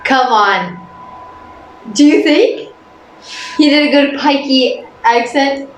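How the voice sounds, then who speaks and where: A woman's voice: high voice, slow pace, echoey room, a little hiss or hum, poor audio. A young woman co-hosting a reaction video, chatting casually in a giggly way. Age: young adult. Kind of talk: casual chat.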